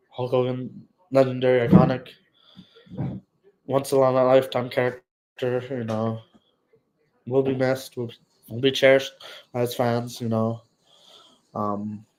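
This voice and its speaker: A man hosting a casual solo livestream, talking in a soft, somber, hesitant way and searching for words. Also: mid-range voice, flat delivery, unhurried, long pauses, rough recording. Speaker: livestream host.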